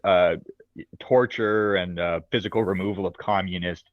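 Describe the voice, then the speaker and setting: A man in a casual podcast discussion, talking in an animated way with fillers and quick laughs. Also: low voice, no echo, phone-quality sound. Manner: animated, laughs easily, thinks aloud with fillers.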